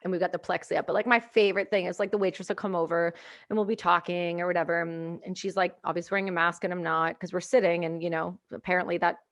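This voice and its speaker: A woman from Canada hosting a podcast, telling stories in an animated way and acting out what people said. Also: lowish voice, fast talker. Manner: animated storyteller, acts out quotes, swings loud. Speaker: podcast host. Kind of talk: casual podcast chat.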